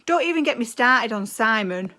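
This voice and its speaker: A woman's voice: fairly high pitch, expressive, normal speed, bright, forceful tone. A woman doing a comic, exasperated rant in a birthday video message. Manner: exasperated, ranting.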